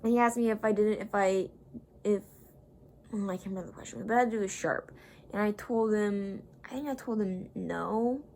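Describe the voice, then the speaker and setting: A woman's voice: mid-range voice, moderate pace, a little hiss or hum. Young woman rambling through a storytime. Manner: rambling, animated retelling with quoted voices. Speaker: vlogger. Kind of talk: casual storytime.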